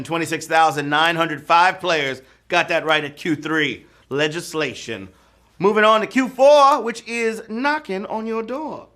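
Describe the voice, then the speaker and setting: A man's voice: a little high, measured pace, pushed and bright. A man hosting a live trivia game show, joking playfully and breaking into whoops and sung bits.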